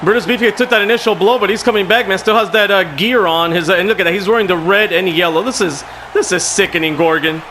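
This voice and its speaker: Hyped guy calling a wrestling game, bright high voice, keeps saying man. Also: fast talker, few pauses, some chatter behind, a little hiss or hum. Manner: excitable, frequent "man", shouts at the action. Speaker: host and game commentator. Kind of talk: casual play-by-play commentary.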